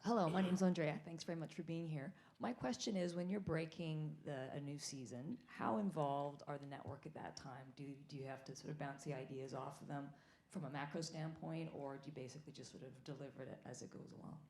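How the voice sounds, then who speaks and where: A woman's voice: deep voice, a little fast, a little mellow. A woman in the audience politely asking the panel a question, heard from away from the mic. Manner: polite, inquiring. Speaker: audience member.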